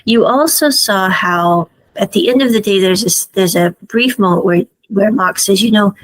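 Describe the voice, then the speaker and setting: A woman's voice: mid-range voice, moderate pace, low-quality recording. A woman giving a casual, chatty spoken review of a drama series, retelling scenes with frequent asides.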